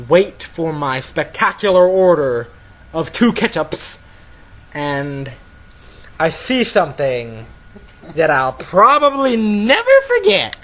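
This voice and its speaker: Casual male storyteller, unhurried, slightly high, rambling delivery with many fillers. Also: fairly bright tone, rough recording. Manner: rambling, full of "like" and restarts.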